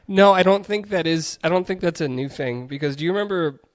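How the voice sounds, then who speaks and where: A man's voice: on the high side, a little fast, dry recording, studio quality. A young man co-hosting a podcast, laid-back and teasing in casual chat. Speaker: podcast co-host.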